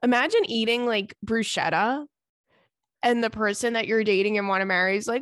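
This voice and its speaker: A woman's voice: on the high side, a little fast, fairly bright tone, dry recording, studio quality. A woman hosting a podcast, reading out listener letters and reacting in a chatty, giggly way, often breaking into laughter. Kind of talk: casual chat.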